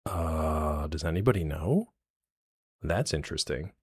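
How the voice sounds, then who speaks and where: Deep-voiced chatty male streamer. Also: lively intonation, a little slow, a little mellow, slightly rough, no room sound, clean studio sound. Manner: chatty, jokey, rambling asides to chat. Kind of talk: live stream chat with viewers.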